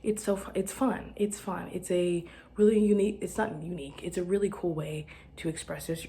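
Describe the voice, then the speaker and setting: Young woman podcaster, light Southern accent, sleepy and rambling, lower voice, whispery asides. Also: fairly even intonation, brisk, warm tone, slight background noise. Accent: light Southern American. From Arkansas. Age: young adult. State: tired. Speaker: podcast host. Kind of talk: casual solo podcast rambling.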